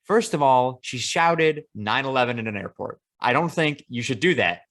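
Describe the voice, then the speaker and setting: A man co-hosting a podcast, telling a travel story in casual, profane chat with animated asides. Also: mid-range voice, moderate pace. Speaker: podcast co-host.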